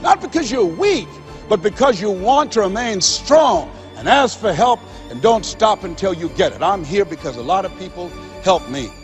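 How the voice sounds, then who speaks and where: Male motivational speaker, pitched high, delivers with preacher-like emphasis and repetition over faint music. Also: big pitch swings, moderate pace. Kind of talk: motivational speech to an audience. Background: faint background music.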